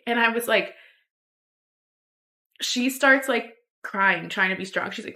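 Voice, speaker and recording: Rambling young woman, bright voice. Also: medium pitch, normal speed, pauses often. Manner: rambling, filler-heavy, lots of "like". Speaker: podcast host. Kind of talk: personal storytelling.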